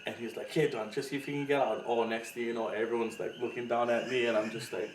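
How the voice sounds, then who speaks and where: A man from Hawaii tells a story in casual chat and acts out the other people in it. His voice sits at a middle pitch and sounds a little distant, in a room with a clear echo and a faint hiss. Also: fast. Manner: animated storyteller, acts out quotes with loud laughing voices. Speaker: podcast co-host. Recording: echoey room, mic at a distance, faint noise.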